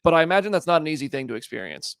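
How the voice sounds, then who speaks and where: A man hosting a casual film review chat, talking in a chatty, excitable way. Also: on the high side, rapid-fire, clear, resonant tone, no echo, clean studio sound. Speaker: podcast host.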